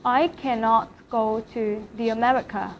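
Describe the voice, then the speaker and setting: Woman, language teacher, slow and deliberate, repeats each word, somewhat high voice, slightly muffled recording. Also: fairly even intonation. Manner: repeats each word slowly and carefully, modeling tones. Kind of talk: slow classroom lecture. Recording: slightly dull lecture recording with faint hiss.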